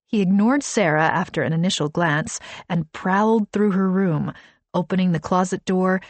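Woman reading a novel, slow and soft, kinda low voice, dry close sound. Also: no room sound. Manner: measured, soft-spoken reading with lightly voiced dialogue. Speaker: audiobook narrator. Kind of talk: scripted narration.

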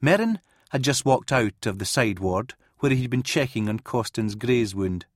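A man narrating an audiobook in an expressive reading style. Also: medium pitch, normal speed, dry recording, clean studio sound. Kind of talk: scripted narration.

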